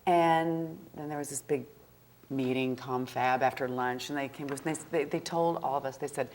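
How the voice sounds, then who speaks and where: A woman from the northern United States, a guest actress answering audience questions in a chatty, anecdotal way, animated and often laughing. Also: extremely low pitch, normal speed. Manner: animated, laughing, acts out quoted voices.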